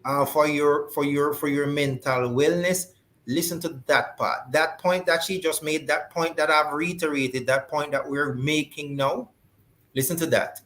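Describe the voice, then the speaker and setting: A man hosting a talk show with a somewhat high voice. He stresses his points by repeating phrases in an emphatic, preacher-like way. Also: fairly even intonation, measured pace, fairly bright tone.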